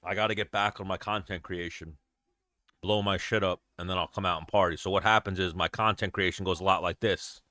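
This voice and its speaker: A young man hosting a casual stream, with a low, smooth, resonant voice that stays bright and crisp. He talks bluntly, swears freely and rambles, close to the mic in a dry room. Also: fairly even intonation, brisk, no echo. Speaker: show host. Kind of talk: casual livestream chat.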